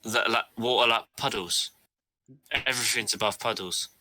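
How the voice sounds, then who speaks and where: A man's voice: medium pitch, moderate pace, pushed and bright. A man voicing a young, filthy, naive hobgoblin who talks in an earnest, clueless, oddly formal way. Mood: puzzled. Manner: earnest, wide-eyed, formal yet clueless.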